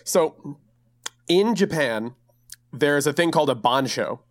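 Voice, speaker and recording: A young man co-hosting a podcast in casual chat, talking in an animated, rambling way and jumping into excited high voices. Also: takes it slowly, dry recording. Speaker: podcast co-host.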